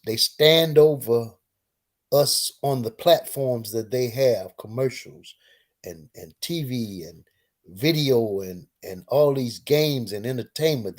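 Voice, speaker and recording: A male co-host on call-in radio with a dark, mellow voice. He preaches in long lists that swell in force as he goes. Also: mid-range voice.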